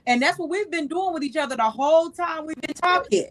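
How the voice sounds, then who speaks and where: A woman in her thirties hosting a casual advice talk, animated and repeating key phrases for emphasis. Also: sits high, fairly quick, poor audio. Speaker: host.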